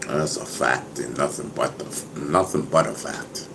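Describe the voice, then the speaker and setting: A man's voice: very deep voice, measured pace, noisy background. A man talking casually to his viewers, boastful and laughing, who keeps saying "you know what I mean". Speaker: vlogger.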